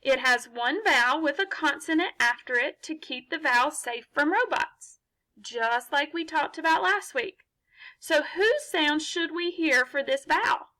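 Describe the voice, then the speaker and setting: A woman teaches young children phonics over a laptop mic. Her voice sits high and bright, and she moves slowly and patiently. She poses questions and answers them herself in an encouraging way.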